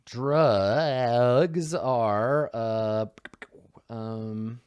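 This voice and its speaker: A man's voice: medium pitch, drawn-out words, darkish tone, clean tone, no room sound. A young man, a tabletop game player, chatting casually and rambling to himself as he builds a character, swearing freely.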